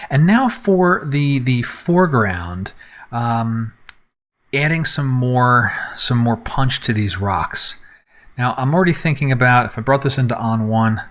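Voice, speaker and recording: A man's voice: mid-range voice, a bit bright. A man, possibly middle-aged, talking through a photo edit live and unscripted, thinking aloud step by step with frequent fillers. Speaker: photographer teaching photo editing. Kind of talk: unscripted live screen-recorded editing tutorial.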